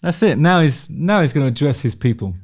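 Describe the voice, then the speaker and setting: A man's voice: on the high side, animated, fairly quick. Give me a man casually reacting to concert footage, chatty and opinionated, with faint music underneath. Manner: chatty, swears freely, frequent restarts, laughs along.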